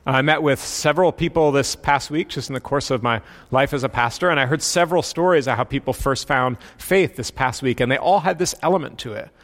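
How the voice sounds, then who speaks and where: A male pastor telling a story in a sermon, in a relaxed, conversational way. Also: mid-range voice, a little fast, few pauses.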